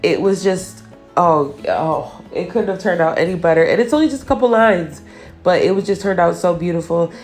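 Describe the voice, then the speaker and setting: A woman with a fairly low voice talks through her nail work in a relaxed, chatty voice-over. She teases herself about her mistakes as she goes, and soft music plays faintly underneath. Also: normal speed. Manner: chatty and self-teasing, laughs at her own mistakes. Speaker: nail artist. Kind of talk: casual tutorial voice-over.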